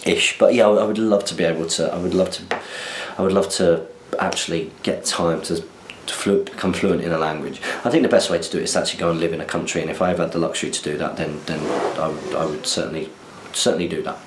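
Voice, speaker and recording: A man's voice: low voice, fairly even intonation, fast, roomy sound, background noise. A young man from southern England hosting a podcast, chatting casually in a rambling, self-deprecating way. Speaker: podcast host. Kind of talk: casual chat.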